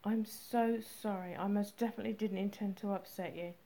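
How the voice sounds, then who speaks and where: A woman's voice: medium pitch, fairly even intonation, a little fast, mellow, natural voice. A woman reading the part of a remorseful young woman pleading with her partner. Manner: pleading, apologetic. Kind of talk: audiobook character reading.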